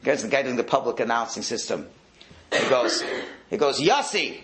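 A man's voice: mid-range voice, normal speed, background noise. A man teaching a religious lecture to an audience, acting out voices and dropping to a whisper. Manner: animated, acts out voices, drops to a whisper. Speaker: rabbi giving a talk.

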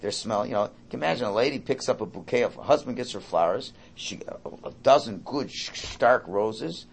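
A man's voice: mid-range voice, expressive, a little fast, gravelly, a little hiss or hum. A man, a rabbi, teaching an informal Torah class in a rambling, conversational way full of asides and restarts.

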